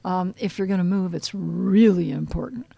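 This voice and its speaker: A middle-aged woman, an animal communication counselor, talking in a soft, guiding way that sometimes drops to a hushed near-whisper in a podcast interview. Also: on the low side, moderate pace, gravelly, no echo.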